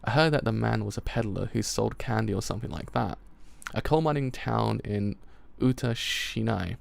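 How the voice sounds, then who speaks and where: A man's voice: fairly low pitch, normal speed, creaky, few pauses. A man with a British accent reading manga dialogue aloud as a live reaction, stumbling over words and breaking into swearing and laughter.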